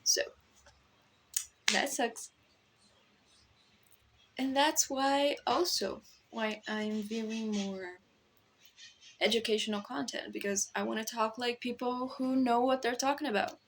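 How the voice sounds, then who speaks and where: A young Brazilian woman, a native Portuguese speaker, rambles to her phone camera at home, joking at her own expense. Her voice is fairly high and steady, slow with frequent pauses, and her Brazilian accent carries hints of American influencer speech. A faint hiss or hum sits under the recording.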